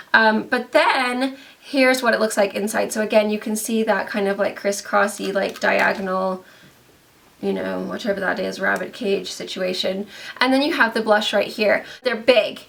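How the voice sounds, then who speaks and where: Young woman beauty vlogger, kinda high voice, rambly and chatty with lots of likes. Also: gravelly, fairly bright tone. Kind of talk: casual product review.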